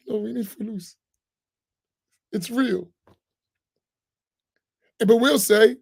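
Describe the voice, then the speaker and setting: A man's voice: high voice, very slow, vocal fry, pauses often, slightly rough, no room sound, clean studio sound. A man, an imam, giving an informal reflection talk with humor and acted-out voices. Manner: animated, humorous, acts out voices, preachy asides.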